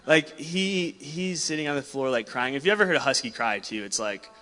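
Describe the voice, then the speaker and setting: Bright-voiced young pastor in a hall. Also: male voice, mid-range voice, a little fast. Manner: casual storytelling, animated, laughs often. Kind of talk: sermon with personal story. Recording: long hall reverb.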